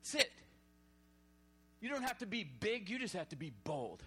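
A man preaching a sermon, animated and exhorting, sometimes shouting. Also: sits high, moderate pace.

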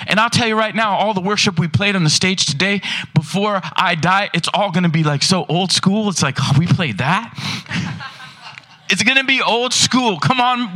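A man preaching in a church, his voice sitting high and bright. He is animated and keeps firing rhetorical questions at the congregation. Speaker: pastor. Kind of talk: sermon.

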